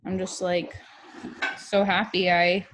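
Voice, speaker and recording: Young woman, teacher, video call, cheerful, encouraging, slow-paced. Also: lowish voice, flat delivery, a bit bright. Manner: cheerful and encouraging, sings along. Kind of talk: online class for young children.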